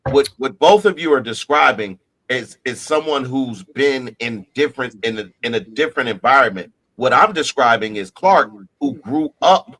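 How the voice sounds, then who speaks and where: A man's voice: medium pitch, expressive, moderate pace, fairly bright tone. A man co-hosting a casual podcast chat, arguing his point and repeating himself. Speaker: podcast co-host.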